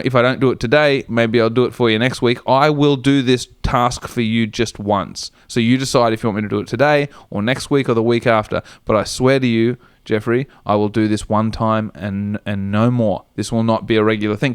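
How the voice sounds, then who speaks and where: A man's voice: mid-range voice, a little fast, smooth, no echo, clean studio sound. A man, co-hosting a comedy podcast, telling stories casually, swearing often and acting out other people's voices. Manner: swears a lot, acts out quoted voices. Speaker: podcast co-host.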